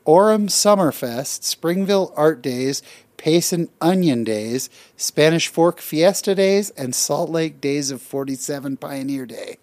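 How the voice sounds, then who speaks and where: Lively middle-aged man telling stories. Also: a little high, a little slow, no echo. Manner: animated storyteller who laughs often. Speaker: podcast co-host. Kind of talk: casual chat.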